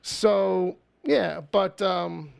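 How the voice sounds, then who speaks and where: A man's voice: high-pitched, extremely slow, vocal fry, dry recording, studio quality. A man hosting a podcast, joking and swearing in casual chat before reading out the news. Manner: profane, joking, reads out news. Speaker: podcast host.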